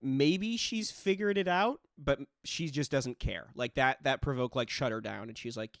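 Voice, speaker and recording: A man's voice: medium pitch, moderate pace, vocal fry, few pauses, dry recording, studio quality. A man narrating as game master of a tabletop role-play game, talking casually with lots of fillers and restarts. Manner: casual, with frequent fillers and self-corrections.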